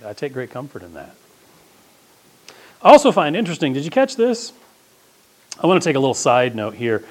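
A man preaching a sermon as pastor, talking in a conversational, emphatic way. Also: on the high side.

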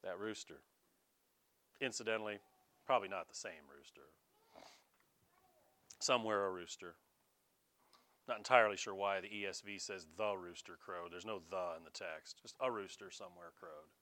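A man preaching a sermon, animated and acting out the voices he quotes, stumbling over quick restarts. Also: sits low. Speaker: pastor.

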